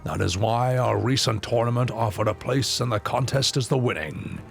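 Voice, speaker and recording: A man voicing a stately old two-headed lizard king in a deep, grave robot-hero style for a game. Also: vocal fry, natural voice. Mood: solemn. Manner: slow, grave pronouncements. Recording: faint game music behind. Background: faint game music.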